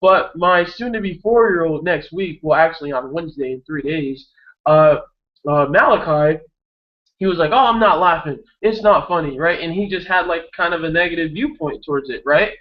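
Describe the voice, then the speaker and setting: A young network marketing coach gives an energetic, repetitive motivational talk on a video hangout, often ending sentences with "right?" His voice is a little high and normally paced, and the audio sounds dull.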